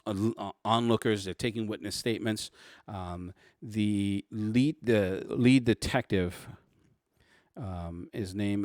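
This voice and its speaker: A man narrating as game master of a tabletop role-playing game, halting with many fillers and restarts. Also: fairly low pitch, no room sound, studio quality.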